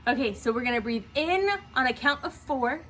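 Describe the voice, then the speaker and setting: Bright-voiced woman leading breathing exercises. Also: high-pitched, moderate pace, a little hiss or hum. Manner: encouraging, checks in with "okay?" often. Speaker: theatre teacher. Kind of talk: guided breathing exercise instruction.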